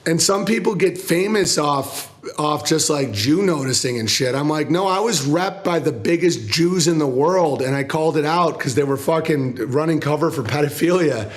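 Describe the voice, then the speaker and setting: A comedian talking casually in an interview, rambling, swearing, and acting out other people's voices. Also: male voice, moderate pace, hardly any pauses. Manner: profane, rambling, acts out quoted people in lower voices. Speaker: comedian guest.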